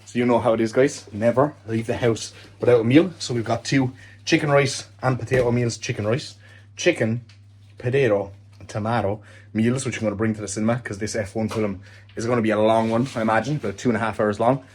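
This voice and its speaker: A man's voice: mid-range voice, fairly even intonation, brisk, a little mellow, slightly rough. A man with an Irish accent who coaches fitness, chatting casually and upbeat in a vlog and swearing freely. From Ireland. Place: car, home and outdoors.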